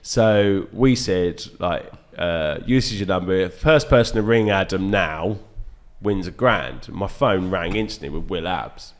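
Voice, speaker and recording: A man, a dart reviewer guest, chatting casually on a podcast and telling animated stories with frequent laughs and fillers. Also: low voice, a little slow. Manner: animated storyteller, laughs often, lots of fillers.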